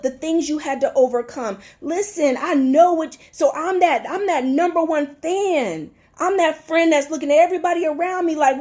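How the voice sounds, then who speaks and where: A woman's voice: high voice, darkish tone. A middle-aged woman, a life coach hosting her own show, talking bluntly and animatedly in casual slang as she acts out the voices of friends. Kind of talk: motivational monologue.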